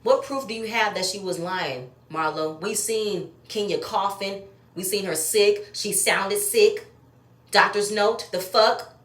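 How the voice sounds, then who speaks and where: A woman's voice: mid-range voice, a bit bright. A woman speaks in a mid-range voice, recapping a reality show with blunt, profane opinions. Her voice bounces around an echoey room. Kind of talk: casual reality show review commentary.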